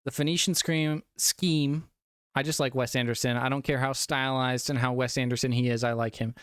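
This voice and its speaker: A man's voice: medium pitch, steady tone, moderate pace, a bit bright, clear, resonant tone, dry recording, studio quality. A young man streaming a casual movie review, a little tipsy from drinking, rambling and swearing with frequent laughs. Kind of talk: casual live-stream chat.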